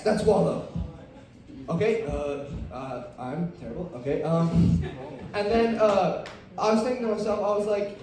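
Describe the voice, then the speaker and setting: Young male stand-up, high voice, rambling and self-deprecating, heard from afar in a very echoey club. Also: darkish tone. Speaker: stand-up comedian. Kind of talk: stand-up comedy set. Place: comedy club stage. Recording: roomy, distant live club mic.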